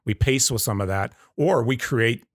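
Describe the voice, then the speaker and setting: A man's voice: mid-range voice, moderate pace, dry recording, clean studio sound. A man in his fifties, a guest in a casual interview, telling stories with energy and acting out the voices of people he quotes. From Arizona. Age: 50s. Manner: animated storyteller who acts out quoted voices. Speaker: guest, coffee company owner.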